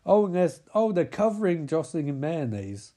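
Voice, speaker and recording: Man, high voice, animated, sweary, movie riff commentary. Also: moderate pace. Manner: excitable, sweary, running commentary. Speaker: movie riffer.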